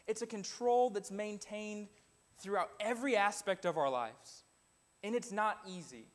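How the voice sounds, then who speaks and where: A man with a high-pitched voice delivers a church sermon. He reads scripture passages aloud, then turns earnest as he exhorts the congregation. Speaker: preacher. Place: church building.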